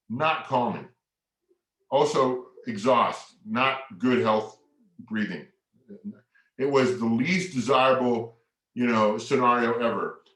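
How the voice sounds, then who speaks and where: A man presenting a family workshop, telling a story in a lively way, acting out quotes and leading the audience in movements. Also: mid-range voice. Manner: animated storyteller who acts out quotes and leads the audience in movements. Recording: echoey room.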